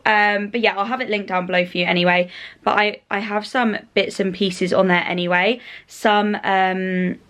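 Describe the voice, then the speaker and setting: A woman's voice: medium pitch, fairly bright tone. A young woman with an English accent chatting casually to camera at home, rambling with lots of ums and likes. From England. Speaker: vlogger.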